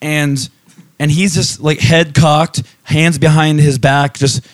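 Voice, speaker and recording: Swearing, animated male podcast storyteller. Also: on the high side, takes it slowly, no echo. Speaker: podcast co-host. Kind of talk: casual chat, storytelling.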